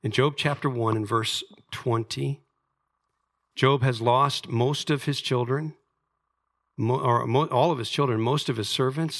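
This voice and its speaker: A man's voice: medium pitch, fairly bright tone. A middle-aged man preaching a sermon as pastor, in an earnest, conversational way, and reading scripture aloud.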